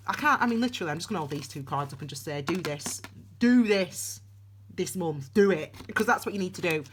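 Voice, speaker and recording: Against a little hiss or hum, a woman with a mid-range voice reads tarot in a casual, rambling way, restarting often and dropping in voiced asides as she chats.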